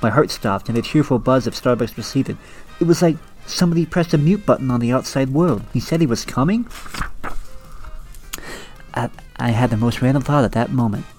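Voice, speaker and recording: A man co-hosting a comedy podcast, reading a teen novel aloud with exaggerated high-pitched character voices and frequent laughter. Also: a little fast, darkish tone, soft background music. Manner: reads dialogue with squeaky exaggerated voices, laughs a lot. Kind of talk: comedic dramatic reading with chat.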